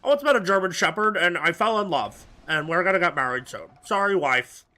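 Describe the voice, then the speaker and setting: Man, high and bright voice, rambling gameplay commentary with absurd crude jokes. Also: expressive, fairly quick. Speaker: gaming video host. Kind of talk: let's-play commentary.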